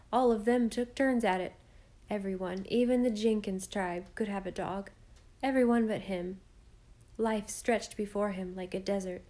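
A woman narrating a classic children's novel aloud in a measured, expressive storytelling manner. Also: medium pitch. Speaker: audiobook narrator.

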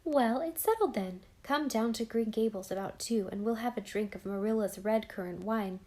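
A woman reading an audiobook aloud, narrating and voicing the dialogue in a gentle, expressive way. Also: a little high, moderate pace.

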